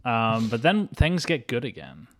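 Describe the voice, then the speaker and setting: A man co-hosting a casual movie podcast, with dry sarcasm, often trailing off quietly. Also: medium pitch, sing-song, a little slow. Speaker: podcast co-host. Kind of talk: casual chat.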